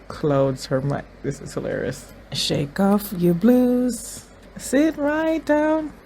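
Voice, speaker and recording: An excitable host of a TV reaction video, talking casually through each scene and echoing the same words again and again while reacting. The voice sits at a middling pitch. A faint background hum lies under the talk.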